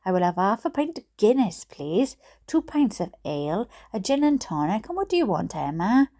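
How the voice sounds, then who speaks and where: A Welsh woman voicing an indignant middle-aged mother who speaks in a high, clipped tone. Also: sing-song, moderate pace. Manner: high-pitched, clipped and forceful.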